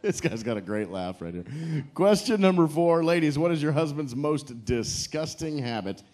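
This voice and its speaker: A man hosting a live couples game show on a cruise ship stage. His voice sits fairly high and leaps around with energy as he jokes, teases the players and calls on the audience to cheer. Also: sing-song, normal speed, darkish tone. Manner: joking, teasing, hypes the crowd.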